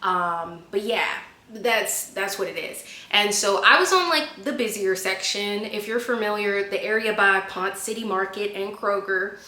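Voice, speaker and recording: Woman vlogger, 20s, lively storyteller, bright tone, roomy sound. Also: mid-range voice, a little slow, hardly any pauses. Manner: animated storyteller, laughs at herself. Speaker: vlogger answering viewer questions. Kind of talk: casual chat.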